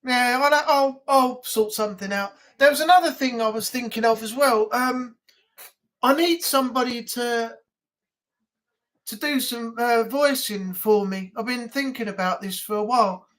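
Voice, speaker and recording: A man's voice: very high-pitched, normal speed. Man, northern English accent, livestream chat host, casual, rambling, lots of fillers. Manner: rambling, relaxed, with many fillers.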